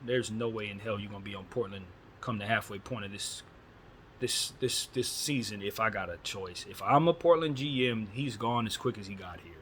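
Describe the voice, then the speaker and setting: A man's voice: on the low side, normal speed, a bit bright, slight background noise. A man hosting a casual solo basketball chat, talking bluntly and with strong opinions, using casual slang. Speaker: basketball commentary host.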